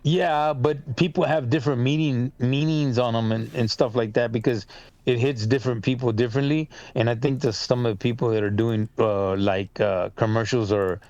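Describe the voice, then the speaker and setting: A man's voice: medium pitch, steady tone, normal speed, darkish tone, no room sound, highs cut off. A middle-aged man co-hosting a podcast with his son, talking bluntly, profanely and in a rambling way. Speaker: podcast co-host. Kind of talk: casual chat.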